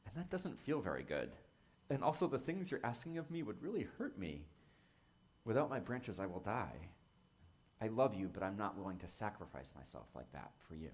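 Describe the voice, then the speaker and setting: A man voicing a gentle old tree that speaks tenderly and earnestly to a longtime friend, in a calm, lowish voice. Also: normal speed.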